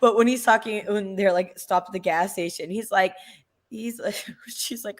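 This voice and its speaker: A woman's voice: mid-range voice, normal speed. A woman co-hosting a casual TV review chat, animatedly retelling scenes and quoting characters. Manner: animated, acts out quotes from scenes. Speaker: podcast co-host.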